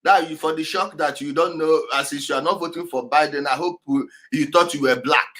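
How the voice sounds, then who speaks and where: A man's voice: on the high side, fairly quick, a bit bright. A man hosting a show, reacting to clips with emphatic, repetitive commentary and frequent laughter. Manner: emphatic, repeats key words, laughs often. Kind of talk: animated commentary over clips.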